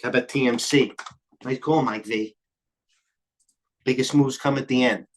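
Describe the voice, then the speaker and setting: Breathless, fast-talking trading host. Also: male voice, medium pitch, steady tone. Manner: rapid, scattered, jumps between tickers. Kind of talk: live market commentary.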